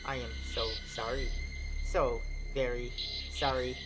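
A man voicing a cursed doll that repeats a killer's apology in a cold, methodical, robotic monotone. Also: mid-range voice, measured pace, loud music behind the voice, voice pushed down, lightly acted, low-quality recording.

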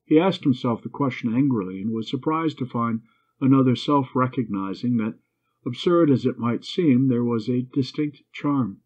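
A man reads an old love story aloud for English learners, measured and expressive. His voice is husky. The recording sounds tinny and narrow, like a phone line. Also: medium pitch. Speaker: story reader.

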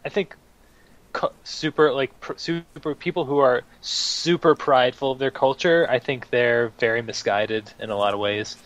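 Halting man on a muffled line. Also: mid-range voice, fairly bright tone. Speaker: podcast co-host. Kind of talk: casual chat.

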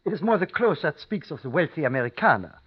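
Fawning German-accented innkeeper, high and lively, old radio sound. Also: male voice, fast, husky. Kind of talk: 1950s radio drama acting. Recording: muffled 1950s radio broadcast.

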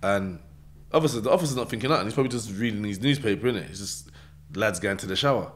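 A man's voice: on the low side, fast. A man with a London accent, a podcast guest telling a story in a casual interview, acting out the dialogue and swearing freely. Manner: animated retelling with acted-out dialogue and swearing.

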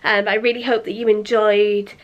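A woman's voice: mid-range voice, little pitch movement, normal speed, highs cut off. A young woman chatting casually to camera at home, rambling a little and correcting herself as she goes. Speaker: lifestyle vlogger. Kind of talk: casual vlog chat to camera.

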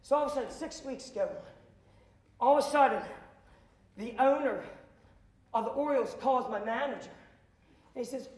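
High-voiced man telling stories in a hall. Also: moderate pace, pauses often. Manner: acts out dialogue, bursts into shouts. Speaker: motivational speaker. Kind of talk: animated storytelling to students. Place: school auditorium.

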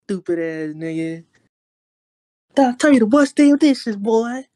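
A man's voice: high voice, animated, slow, mellow. A young man putting on the voice of a mother scolding her teenage son with bossy, nagging orders.

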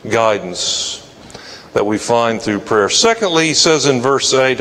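A man's voice: medium pitch, big pitch swings, measured pace, a bit bright, long reverb tail, rough recording. A male pastor preaching a sermon, telling a personal story in a folksy way and acting out the people in it. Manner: folksy, acts out quoted voices. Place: church sanctuary.

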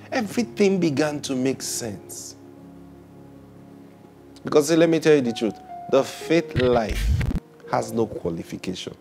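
A man delivers a sermon in a mid-pitched, gravelly voice. He is emphatic and builds to loud, high peaks, laughing easily between points. Faint music plays behind him. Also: expressive, unhurried. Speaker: preacher.

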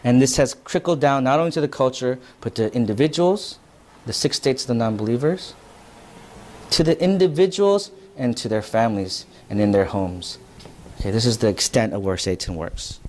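A man delivering a sermon in a church, speaking at an everyday mid pitch. He talks in a loose, chatty way with asides and questions to the room, then leans hard into his key points. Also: moderate pace, darkish tone. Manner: conversational preaching, rising to emphatic. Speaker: pastor. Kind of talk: sermon lecture.

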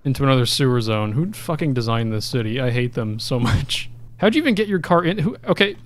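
Animated man with a lively voice. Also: medium pitch, fairly quick. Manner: animated, swears and laughs often, talks to the game. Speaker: gaming video creator. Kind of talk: let's play commentary.

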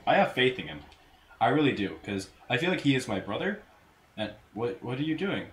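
A man giving casual gameplay commentary, crude and full of swearing, with sudden loud outbursts. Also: medium pitch, big pitch swings, a little fast. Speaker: let's play gamer. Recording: roomy echo, faint noise.

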